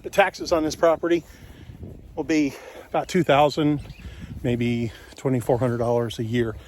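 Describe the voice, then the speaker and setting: A man's voice: medium pitch, fairly even intonation, moderate pace, a little mellow, a little hiss or hum. Folksy middle-aged man giving a home tour. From Kentucky, USA. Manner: folksy, joking, chatty. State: winded from walking uphill. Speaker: real estate investor vlogger. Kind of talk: casual walking home tour. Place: outdoors and inside a house on a property tour.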